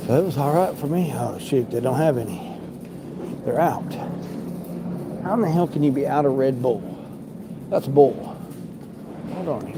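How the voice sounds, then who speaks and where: A man's voice: medium pitch, background noise. A man chatting casually with a live audience while picking a shopping order in a large store, joking and mildly exasperated. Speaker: livestreaming grocery shopper.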